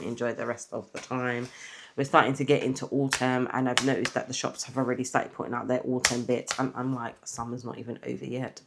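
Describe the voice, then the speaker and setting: This budgeting vlogger from England has a very deep voice and a noisy background. She's tired and yawning, rambling chattily about her weekly cash budget as she counts the money.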